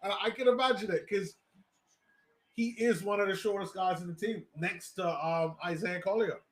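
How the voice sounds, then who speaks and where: A man hosts a live basketball watch party and talks through every play with excitable, chatty energy, tripping over his words and restarting sentences when he gets worked up. His voice sits somewhat high for a man, and it bounces around an echoey room. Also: normal speed.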